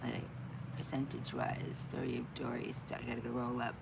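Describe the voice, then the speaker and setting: A woman with a low voice chats casually on her live stream, greeting viewers by name and answering their comments. She pokes fun at herself when she forgets things, and a faint hiss of noise sits under her voice. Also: level tone, fairly quick, gravelly, low-quality recording. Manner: self-deprecating, laughs at her own forgetfulness. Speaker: livestream host.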